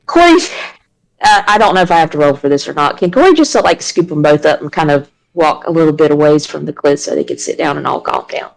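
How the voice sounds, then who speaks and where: A woman's voice: sits low, expressive, fast, vocal fry, rough recording. Woman rambling through a game scene. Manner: rambling and playful. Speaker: player. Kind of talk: narrating her character in a tabletop game.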